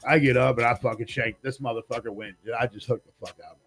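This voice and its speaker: A man's voice: medium pitch, quick pace, soft background music. Foul-mouthed man in his forties, storytelling. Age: 40s. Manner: profane, animated storytelling, acts out other people's lines. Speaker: podcast host. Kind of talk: casual storytelling chat.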